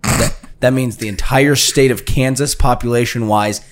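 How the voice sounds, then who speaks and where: A man's voice: mid-range voice, fairly even intonation, moderate pace, faint music behind. A man co-hosting a podcast, rambling through crude, joking banter with lots of restarts. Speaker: podcast co-host. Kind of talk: casual banter.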